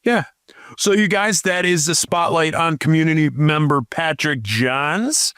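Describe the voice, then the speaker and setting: A man co-hosts a relaxed podcast, reading out listener details and tossing in dry little remarks. His voice sits a touch high. The sound is close and dry, with no room around it. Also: unhurried, clean tone, no room sound. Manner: reads listener profiles aloud with dry asides. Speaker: podcast co-host. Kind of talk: casual podcast chat.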